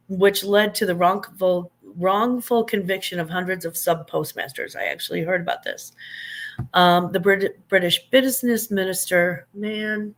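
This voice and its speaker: A woman's voice: lowish voice, fairly bright tone. An older woman, a grandmother, hosting a casual live chat. She greets her viewers, laughs easily and stumbles over names. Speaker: livestream host.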